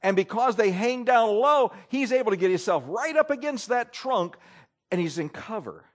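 A man preaching a sermon, emphatic, swinging between loud declarations and hushed asides. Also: high voice, lively intonation, moderate pace.

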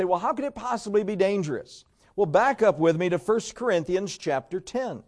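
High-voiced preacher telling stories. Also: male voice, darkish tone. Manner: storytelling with folksy jokes. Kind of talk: sermon.

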